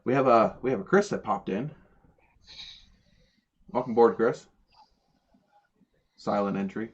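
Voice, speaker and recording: Male podcast host, casual and rambling, repeats himself; fairly low voice, dull stream sound. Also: a little slow. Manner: rambling, stumbles and repeats words. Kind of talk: casual livestream chat.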